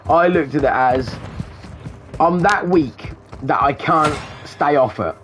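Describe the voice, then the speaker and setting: A man's voice: on the high side, slow, fairly bright tone, slight background noise. A man talking casually and rambling while he plays a shooter, swearing often and calling his viewers "guys". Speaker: gamer streamer. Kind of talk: casual chat while gaming.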